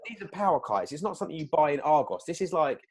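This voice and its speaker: A man telling a story in casual chat, animated, acting out quoted lines with big jumps in pitch. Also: quick pace, slightly rough.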